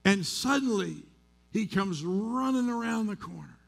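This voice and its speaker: A man from the United States with a fairly high voice preaches in a church sanctuary. He is a pastor who talks to the congregation in a conversational way. His stories are candid and self-deprecating. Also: animated, measured pace, vocal fry. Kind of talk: sermon.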